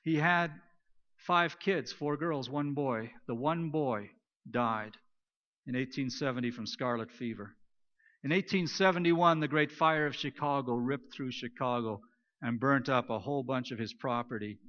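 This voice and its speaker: A pastor preaching a sermon, retelling stories and moving between loud emphasis and soft, hushed lines. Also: male voice, mid-range voice, unhurried. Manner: storytelling, swings between loud emphasis and near-whispered quiet. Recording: dull lo-fi recording.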